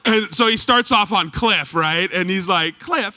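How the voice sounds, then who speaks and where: A man telling lively, laughing stories about his old coach to a live audience, acting out the quotes. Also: fairly high pitch, moderate pace, hardly any pauses. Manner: animated, laughing, acts out quotes. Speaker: former goalkeeper telling stories at a tribute event. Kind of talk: storytelling speech to a live audience. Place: performance hall stage.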